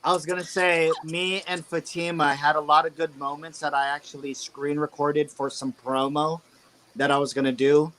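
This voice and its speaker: A man's voice: fairly high pitch, flat delivery, normal speed, fairly bright tone. A man co-hosting a casual chat over a video call, rambling and joking. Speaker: co-host.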